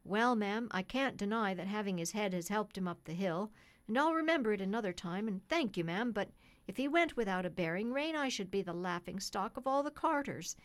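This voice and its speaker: A woman voicing a blunt working-class male carter with a rough, gruff manner. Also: mid-range voice, lively intonation, fairly quick, lightly acted.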